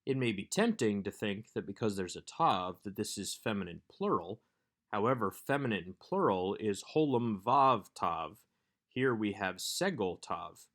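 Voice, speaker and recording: Low-voiced man teaching a language lesson. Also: expressive, a bit bright. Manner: measured, explanatory teaching. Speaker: Hebrew instructor. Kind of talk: recorded workbook lesson.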